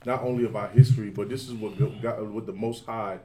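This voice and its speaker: A man's voice: lowish voice, fairly even intonation, fast, a little mellow, a little hiss or hum. A man explaining scripture in a casual bible study, with loose slang and frequent "you know what I'm saying". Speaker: bible class teacher.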